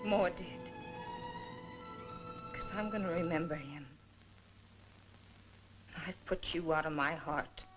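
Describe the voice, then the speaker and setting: A woman's voice: deep voice, slow, pauses often, over music. An actress playing a bitter young woman turning her man away, cold, scornful and firm. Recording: dull old film soundtrack with score.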